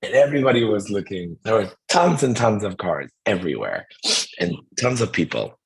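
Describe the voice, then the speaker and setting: A middle-aged man with a low, husky voice, hoarse today. He tells a story casually and lively, and he slips into the voices of the people he describes. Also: normal speed. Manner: animated, acts out voices in the story. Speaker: host.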